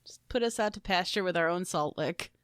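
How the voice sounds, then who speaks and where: A woman's voice: lowish voice, brisk, a bit bright, no echo, studio quality. A woman guesting on a casual podcast, riffing goofy punchlines.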